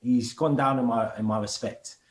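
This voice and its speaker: A man talks casually on a podcast, full of street slang. He tells stories with energy and slips into other people's voices. His voice sits at a middle pitch and carries a roomy echo. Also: normal speed. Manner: animated storyteller, acts out other people's voices. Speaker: podcast guest, DJ and presenter.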